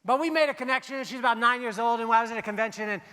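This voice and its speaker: A man's voice: very high-pitched, very fast, pushed and bright, clear, resonant tone. A man giving a motivational keynote speech on stage, telling stories and joking with the audience. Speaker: keynote speaker. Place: large hall on stage. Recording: long hall reverb.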